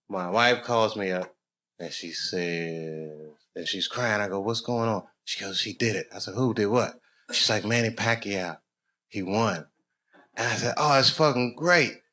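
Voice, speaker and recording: A middle-aged man doing stand-up storytelling on stage, loose and conversational, building to loud excited bursts. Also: fairly low pitch. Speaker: stand-up comedian. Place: comedy stage with live audience. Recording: noisy live show recording. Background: audience laughter.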